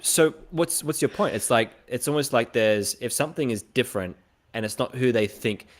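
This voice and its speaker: A man's voice: medium pitch, normal speed. A young Australian man on a casual podcast, telling stories and acting out other people's lines. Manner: animated storyteller who acts out other people's lines. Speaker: podcast host.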